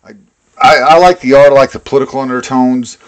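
A man's voice: mid-range voice, fairly even intonation, fast, smooth. A man co-hosting a podcast, talking bluntly and profanely in casual chat with frequent tangents. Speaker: podcast co-host.

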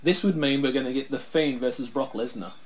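A man's voice: mid-range voice, a little fast. A man co-hosting a casual wrestling watch-along, talking through predictions in a chatty way and laughing often. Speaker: co-host. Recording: faint background noise, lawnmower outside.

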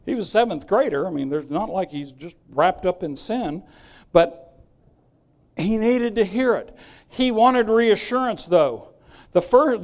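High-voiced older male preacher. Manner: storytelling, emphatic, swings from loud exhortation to quiet asides. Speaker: pastor. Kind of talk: sermon.

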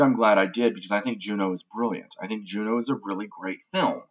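A man's voice: lowish voice, fast talker, hardly any pauses, low-quality recording. A man hosting a casual movie podcast, talking in an opinionated, enthusiastic way with frequent restarts. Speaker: podcast host.

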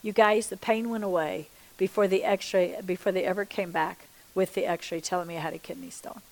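A Christian speaker, a middle-aged woman with a mid-range voice, delivers a sermon-style personal testimony a little fast on a rough recording. She acts out the dialogue with lively energy, checks in chattily with listeners, and drops to a soft hush when quoting her prayers.

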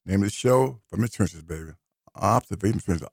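A man's voice: on the low side, expressive, fast talker, gravelly, darkish tone, husky, dry recording, clean studio sound. A man hosting a radio talk show, delivering an emphatic, preachy commentary and repeating key phrases for stress. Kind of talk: opinionated radio commentary monologue. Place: radio studio.

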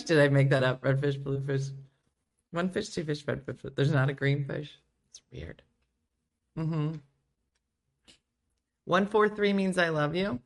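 A woman's voice: low-pitched, a little slow, pauses often. A woman hosting a casual livestream chat from home, playfully riffing on viewer comments. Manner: playful, reads viewer comments aloud and riffs on them. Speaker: show host.

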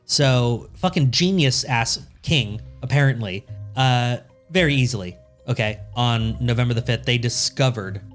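A man's voice: medium pitch, measured pace, soft background music. A man co-hosting a podcast, telling a history story in a casual, profane way and laughing often.

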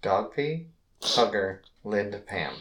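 Woman podcast host, very deep voice with swooping intonation, playful and teasing. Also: expressive. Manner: playful and teasing, sounds out garbled phrases slowly. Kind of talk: casual podcast chat, playing a word-guessing game.

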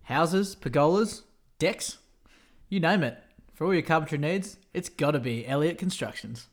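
A man's voice: a little high, animated, normal speed. A young man co-hosting a podcast, telling stories in a chatty way and laughing often. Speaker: podcast co-host. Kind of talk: casual podcast chat.

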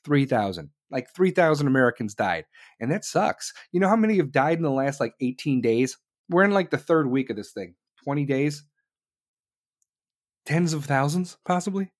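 A man's voice: on the high side, expressive, moderate pace. Heated, swearing man on a rant. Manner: heated, sarcastic, swearing, with sudden loud outbursts. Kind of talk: profane political rant.

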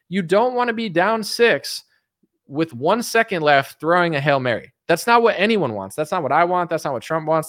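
A man's voice: on the high side, a bit bright, dry recording, studio quality. A young adult man giving a rambling, blunt, unscripted political rant, repeating himself and swearing for emphasis. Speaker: political commentator.

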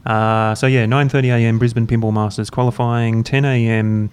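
A man hosting a podcast, chatting in a relaxed, rambling, self-mocking way while drinking beer. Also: medium pitch, moderate pace, smooth. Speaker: podcast host. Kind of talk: casual chat. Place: university room, drinking beer.

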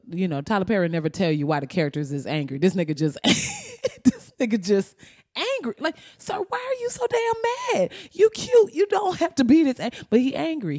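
A woman's voice: fairly low pitch, no echo, clean studio sound. A woman telling stories in a rambling, profane comedic monologue. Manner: loud, rambling, profane storytelling with frequent laughs.

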